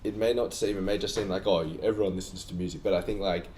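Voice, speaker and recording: Laid-back low-voiced man. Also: fairly even intonation, fast, darkish tone, slight background noise. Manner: laid-back, mumbling fillers, joking. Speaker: music producer guest. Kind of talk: casual chat.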